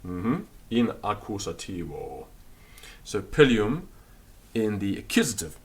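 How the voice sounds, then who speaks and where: Male teacher: slow, patient delivery with a lively, sing-song pitch; repeats words for practice. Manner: repeats words slowly for drilling pronunciation. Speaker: language teacher. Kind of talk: recorded grammar lesson.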